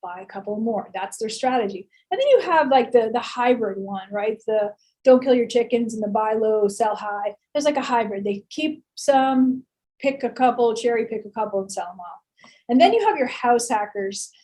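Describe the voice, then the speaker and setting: A woman's voice: on the high side, animated, moderate pace, dark tone, poor audio. A woman giving a casual lecture as a real estate instructor, chatty, with rhetorical questions. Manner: chatty, many fillers and restarts, rhetorical questions.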